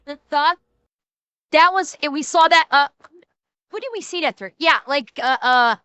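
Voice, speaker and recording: A woman's voice: high-pitched, moderate pace, sharp tone, no room sound, dull audio. A woman streamer giving casual reaction commentary, rambling, laughing and swearing freely.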